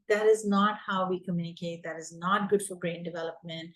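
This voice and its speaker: A woman's voice: fairly low pitch, steady tone, a little fast, low-quality recording. A woman coaching teachers, speaking emphatically and repeating her key points. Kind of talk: advice talk to teachers.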